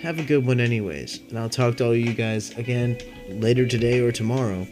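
A man's voice: medium pitch, a little fast. A stoned young man hosting a podcast, rambling loosely through a casual story, swearing often. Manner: rambling and laid-back, heavy swearing. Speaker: podcast host. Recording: clear music playing behind. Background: guitar music.

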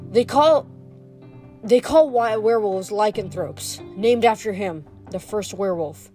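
A woman's voice: mid-range voice, unhurried, warm tone, faint music behind, close to an everyday voice. A woman voicing an anxious teenage girl demigod who explains things earnestly.

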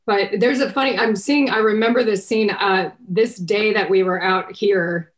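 A woman's voice: mid-range voice, steady tone, moderate pace. A middle-aged woman from Texas, an actress chatting casually in an interview, rambling with many restarts and fillers. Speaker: actress guest.

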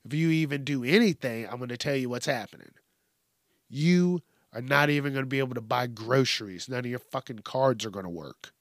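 A man's voice: medium pitch, fairly quick, no echo, clean studio sound, close to an everyday voice. A man voicing a menacing, all-powerful AI that curses and threatens its user. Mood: threatening. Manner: cursing, threatening.

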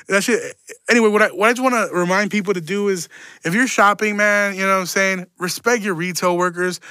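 Young male podcast host, high voice, profane rambling rant, bone-dry close sound. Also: pushed and bright, no room sound. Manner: rambling, profane, stumbling repeats. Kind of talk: casual solo podcast rant.

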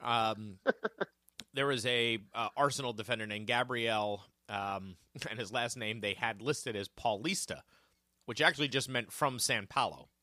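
A man co-hosting a trivia podcast in casual chat, joking and thinking out loud as he works through answers. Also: medium pitch, a little slow, no room sound, studio quality. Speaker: podcast co-host.

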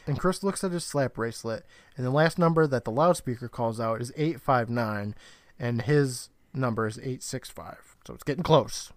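A man's voice: medium pitch, normal speed, no echo. A man co-hosting a podcast, casually retelling a TV episode and acting out the characters' lines with bursts of laughter. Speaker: podcast co-host. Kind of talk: casual recap chat.

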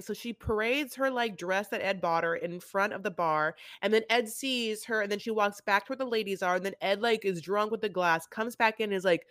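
A woman co-hosting a podcast in casual chat, rambling through an animated retelling full of fillers. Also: mid-range voice, normal speed, dry recording, clean studio sound. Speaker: podcast co-host. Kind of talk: casual chat recapping a reality show.

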